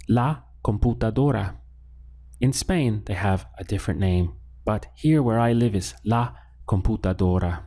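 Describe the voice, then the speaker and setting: Male teacher, slow and patient, lowish voice, repeats phrases for learners. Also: dark tone. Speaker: Spanish teacher. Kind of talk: spoken language lesson. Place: lives in Latin America.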